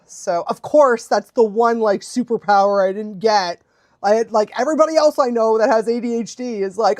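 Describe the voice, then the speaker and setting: A woman's voice: a little high, moderate pace, darkish tone, dry recording, studio quality. A young adult woman chatting casually on a live stream as a dog trainer, bubbly and laughing often.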